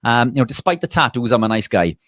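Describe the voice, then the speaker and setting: A man, a nutritionist and bodybuilder, telling a lively anecdote in a casual interview, often restarting his sentences. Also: medium pitch, fast, dry recording, clean studio sound.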